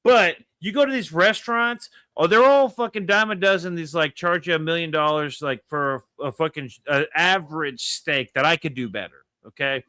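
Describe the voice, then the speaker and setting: A man's voice: fairly high pitch, normal speed, few pauses, sharp tone, clear, resonant tone, no room sound. A man co-hosting a casual chat, blunt and profane. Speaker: co-host.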